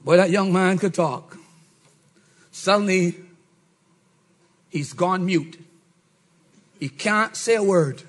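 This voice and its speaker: A middle-aged man preaching a sermon, swinging from shouts to low murmurs. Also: takes it slowly, long pauses. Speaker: pastor.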